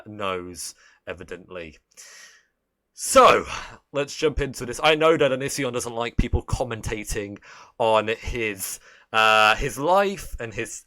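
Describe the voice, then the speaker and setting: A man's voice: fairly low pitch, bright, forceful tone. A man hosting a live stream, chatting casually in a rambling, joking, profane way.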